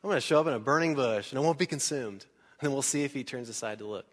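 A preacher putting on God as a laid-back, joking male deity, chatting like a regular guy. The talk is casual and everyday, at a middling pitch. A long reverb from a large hall trails after every phrase. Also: rapid-fire, lightly acted. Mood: scheming. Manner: breezy, joking, everyday speech.

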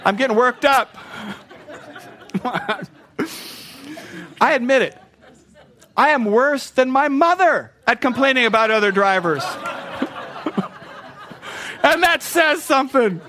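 A man's voice: very high-pitched, lively intonation, slow, pauses often, sharp tone, a faint crowd. A man preaching a conversational sermon in church, chatty and self-mocking, teasing his congregation. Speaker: pastor. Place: church sanctuary.

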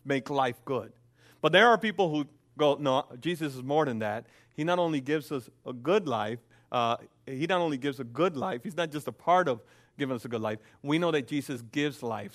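A middle-aged male pastor preaching a sermon, swinging between loud emphasis and soft, slow passages. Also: on the high side.

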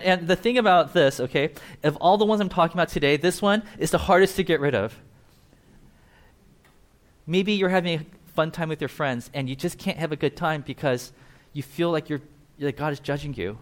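A man's voice: fairly high pitch, a little fast. A man preaching a conversational sermon, acting out quoted voices as he talks. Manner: conversational, animated, acts out quotes. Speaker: pastor.

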